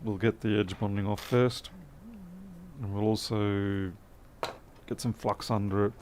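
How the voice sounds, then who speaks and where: A tired man streams a late-night electronics repair, his fairly low, darkish voice flat and a little slow over slight background noise. He mutters as he works and answers live chat with dry, self-deprecating remarks.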